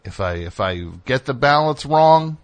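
A man runs a call-in radio show from the studio, expressive and unhurried as he rambles frankly. Sentences get abandoned partway, and his pitch rises sharply when he's agitated.

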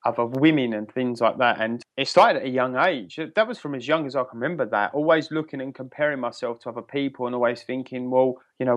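A man's voice: medium pitch, muffled recording. English man, candid and reflective. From England. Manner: candid, reflective, halting restarts. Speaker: guest. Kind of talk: podcast interview.

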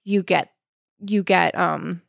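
A woman's voice: fairly low pitch, fairly even intonation, slow, creaky, no room sound. A woman co-hosting a casual book discussion with dry, sarcastic comments.

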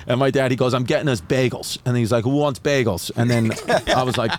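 A New York comedian guesting on a podcast tells a story briskly, with a medium-pitched voice and hardly any pauses. He's casual, animated and profane, acting out the other characters in different voices. Slight background noise can be heard.

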